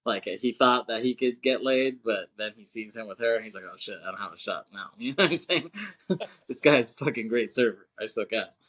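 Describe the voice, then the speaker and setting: Guy on a movie podcast rambling through a scene recap, mid-pitch voice, lots of like and you know, keeps laughing. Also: normal speed, fairly bright tone. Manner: rambling, laughs a lot, acts out quotes in raised voices. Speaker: podcast co-host. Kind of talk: casual movie recap chat.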